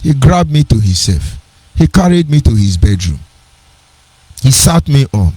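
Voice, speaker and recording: A man's voice: mid-range voice, very animated, unhurried, warm tone, husky, no room sound, rough recording. A middle-aged man with a Nigerian accent, giving an earnest personal storytelling talk on a radio program, digressive and with sing-song emphasis.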